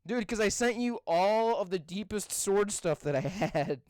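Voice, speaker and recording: A man's voice: sits high, expressive, a little mellow, dry recording. A young man co-hosting a podcast, swearing a lot and sounding exasperated in crude casual banter. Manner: profane, exasperated, spells words out slowly. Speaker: podcast co-host.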